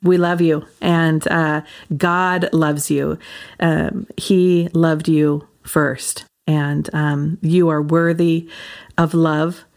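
A woman's voice: sits low, level tone, extremely slow, darkish tone. A woman in her forties hosting a casual faith podcast, rambling with lots of fillers and frequent laughs. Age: 40s. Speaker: podcast host.

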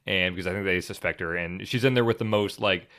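A man co-hosting a casual movie review podcast, animated, swearing freely and mimicking characters as he talks. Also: deep voice, quick pace. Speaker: podcast co-host.

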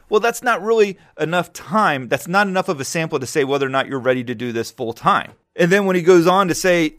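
A man hosting a casual solo podcast, telling stories in a loose, joking way, his voice jumping high when he gets excited. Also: fast, hardly any pauses, no room sound, studio quality. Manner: animated storytelling, jumps high when excited. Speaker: podcast host.

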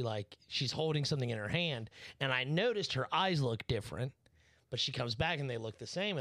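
A man's voice: medium pitch, fairly bright tone, no echo, clean studio sound. A man, co-hosting a podcast, telling crude stories in casual chat and swearing a lot. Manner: profane, laughing storyteller. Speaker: podcast co-host.

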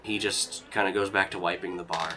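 A man's voice: deep voice, steady tone, brisk, over music. Casual, rambling man running a tabletop game. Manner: casual, rambling, laughing, many fillers. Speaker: game master.

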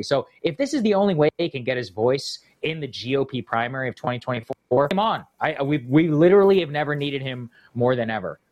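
A man's voice: medium pitch, a little hiss or hum. Emphatic male guest commentator. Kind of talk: casual political chat.

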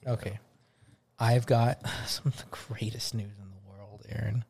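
A man's voice: lowish voice, fairly even intonation, unhurried, vocal fry, darkish tone, husky. A man co-hosting a podcast, chatting casually and teasing with jokes. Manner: jokey, teasing, keeps slipping into voices. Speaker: podcast co-host.

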